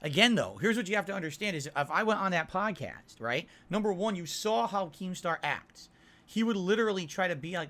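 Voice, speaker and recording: A man's voice: high-pitched, expressive, brisk, fairly bright tone. A man hosting his own livestream, reading viewer messages and answering them defensively, often asking "right?". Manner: defensive, talks to chat with frequent "right?". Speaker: streamer answering chat. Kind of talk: casual livestream chat.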